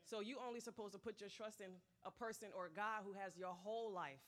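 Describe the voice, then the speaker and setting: A woman's voice: mid-range voice, steady tone, brisk. A woman adding a point during a church sermon, speaking casually and hesitantly, with fillers. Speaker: pastor's wife speaking from the congregation. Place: church sanctuary.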